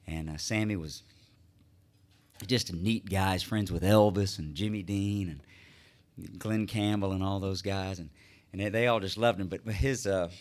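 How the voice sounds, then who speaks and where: A man's voice: fairly low pitch, fairly bright tone. A man from Houston, a singer-songwriter easily telling stories between songs at a live gig, with plenty of fillers and restarts. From Houston, Texas. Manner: easygoing storyteller with many fillers and restarts. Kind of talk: stage banter between songs. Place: live music venue.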